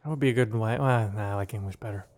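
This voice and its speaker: A man's voice: fairly low pitch, racing, a little mellow. A man co-hosting a casual podcast chat, jokey and playful, laughing often. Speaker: podcast co-host.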